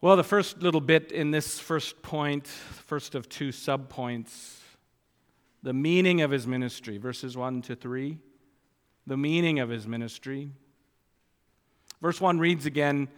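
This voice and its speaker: A man preaching a sermon, speaking deliberately and rising with emphasis when he quotes scripture. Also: medium pitch. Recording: long reverb of a church hall.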